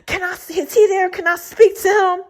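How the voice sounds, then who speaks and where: A woman's voice: very high-pitched, steady tone, brisk, voice pushed up. A woman imitating a pushy, jealous woman who keeps demanding to speak to her man, in a raised voice.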